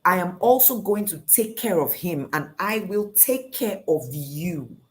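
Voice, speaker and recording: A woman putting on a gentle male angel of God, speaking low and soft in a calm, soothing voice. The delivery is unhurried and reassuring.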